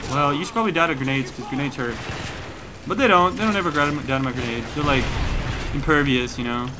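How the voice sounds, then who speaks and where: A man doing jokey, excitable let's play commentary, exclaiming at the game as he plays. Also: a little high, quick pace, noisy background. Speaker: gaming commentator. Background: loud game music and gunfire.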